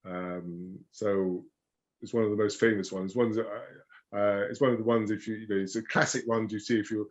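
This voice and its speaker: A man's voice: lowish voice, steady tone, normal speed, muffled recording. A man, a rose expert patiently teaching pronunciation in a casual interview chat.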